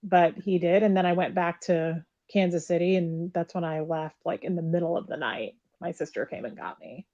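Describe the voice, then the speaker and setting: A woman's voice: lowish voice, normal speed, hardly any pauses, dark tone. Blunt woman on a muffled phone call. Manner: candid, blunt, swears freely. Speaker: caller, former member recounting her past. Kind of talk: recorded phone conversation.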